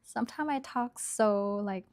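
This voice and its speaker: Soft-spoken woman. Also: medium pitch, measured pace. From Thailand. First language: Lisu. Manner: soft-spoken, calm and gentle. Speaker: embroidery vlogger. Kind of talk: casual chat to camera.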